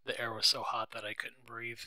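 A man's voice: medium pitch, monotone, normal speed, sharp tone, dry recording, low-quality recording. A man narrating a simplified novel aloud in a plain, simple reading style for young readers. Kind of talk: storybook read-aloud narration.

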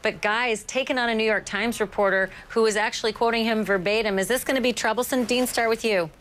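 TV anchor woman, brisk and playful, runs the panel. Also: fairly high pitch, steady tone, fairly bright tone. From Canada. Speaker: news anchor. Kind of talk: live TV news panel.

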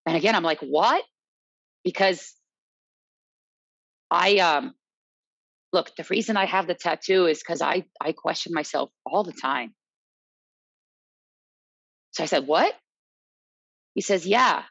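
A woman's voice: lowish voice, takes it slowly, gravelly, pauses often, husky, no echo. Chatty woman, dull dry recording. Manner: animated, quotes others, tag questions "right?". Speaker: salsa dance instructor, guest. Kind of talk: casual storytelling chat.

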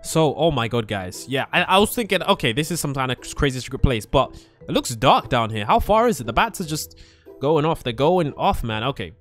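Hombre joven que grita emocionado jugando. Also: male voice, mid-range voice, fairly quick, soft background music. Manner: excitable, yelps and screams when startled. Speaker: gaming channel host. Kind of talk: Minecraft let's play commentary.

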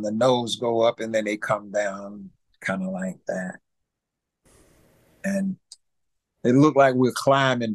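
Here a Mississippi man in his eighties, a musician being interviewed, recounts a story with lots of repetition and vocal sound effects. He speaks in a mid-range voice, and there's no room sound.

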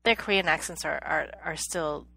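A woman's voice: low voice, normal speed, vocal fry, bright, forceful tone, dry recording. Hesitant woman podcast co-host, dry sound. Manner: hesitant, restarts and repeats words, laughs often. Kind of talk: casual chat.

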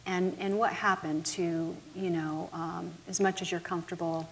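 A woman talk show host guiding an interview with measured, gentle questions. Her voice sits low and stays flat and even. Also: vocal fry, a little hiss or hum.

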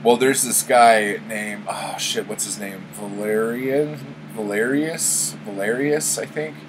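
Slow, low-voiced, rambling man. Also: noisy background. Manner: rambling, full of fillers and swearing. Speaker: book vlogger. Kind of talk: casual spoken book recap.

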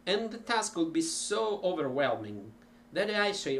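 Guy teaching languages, slow and halting, slightly high voice, faint hiss behind. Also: big pitch swings, fairly bright tone. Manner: unhurried, hesitant with fillers, demonstrates phrases aloud. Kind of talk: informal language lesson.

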